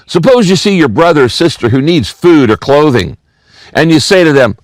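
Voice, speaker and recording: An older male pastor preaching with a very lively, swinging pitch, moving between scripture reading and casual asides to his listeners. His voice sits in a middle register and sounds close and dry, with almost no room around it. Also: moderate pace, dry recording. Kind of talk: sermon.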